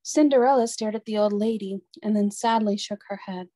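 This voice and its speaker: A woman reading a children's storybook aloud in an expressive, clear storytelling voice. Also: medium pitch, brisk.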